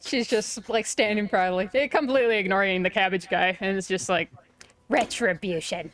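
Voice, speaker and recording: A woman playing a tabletop game, excitable and giggling often. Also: medium pitch, brisk, soft background music. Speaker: player. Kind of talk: casual tabletop game chat.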